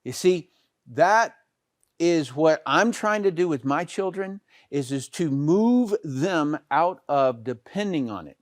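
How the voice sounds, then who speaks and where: A man's voice: a little high, animated, takes it slowly, no room sound. Plain-spoken middle-aged man, dry sound. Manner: conversational, many fillers and restarts, pointing with "here". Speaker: network marketing trainer. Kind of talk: casual training talk to camera.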